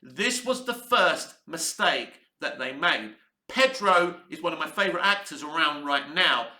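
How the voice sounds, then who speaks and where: A man's voice: a little high, expressive, measured pace, sharp tone, roomy sound. A man giving a blunt, candid TV review to camera, swearing freely. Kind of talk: casual opinionated review to camera. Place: room where he is based, in Cyprus.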